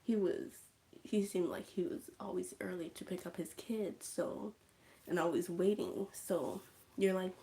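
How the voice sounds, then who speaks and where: A woman casually recapping a movie on her livestream, chatty and animated, acting out scenes and dropping into whispers. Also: lowish voice, measured pace, vocal fry.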